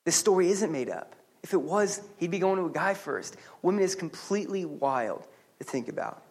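A man preaching a sermon as pastor at a church service, animated and humorous, with quick restarts and asides. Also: fairly high pitch, slightly rough.

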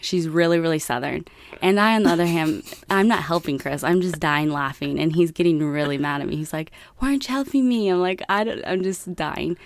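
A young American woman in casual chat, telling a story with lots of laughter and animated quoting. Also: sits low, brisk. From United States. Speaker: co-host.

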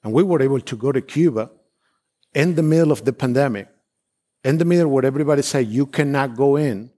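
A man's voice: medium pitch, quick pace, mellow. A man from Argentina preaching in a middle-range voice. He gives fervent, emphatic declarations, often repeating himself. His phrasing has frequent restarts and non-native turns. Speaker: visiting missionary preacher. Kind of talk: sermon with personal testimony.

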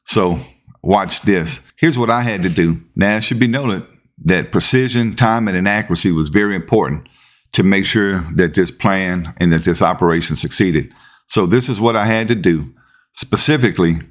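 A man, telling a story as podcast host in a relaxed, conversational way. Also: sits low. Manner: laid-back, conversational, repeats words when building up. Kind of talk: casual storytelling.

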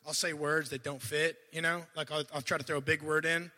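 A man preaching a sermon in a church, animated, swinging between loud bursts and quiet asides, and he sometimes stutters and restarts. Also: on the high side, fairly quick, in a large hall. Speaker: guest preacher.

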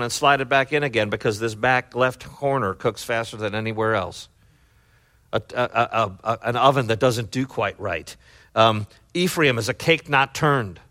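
A middle-aged male pastor giving a conversational sermon, loose and chatty with lots of fillers, swinging from low asides to loud excited bursts.

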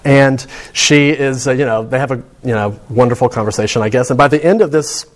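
A man's voice: medium pitch, a little fast. A man giving a sermon to students in a conversational, storytelling way. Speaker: preacher.

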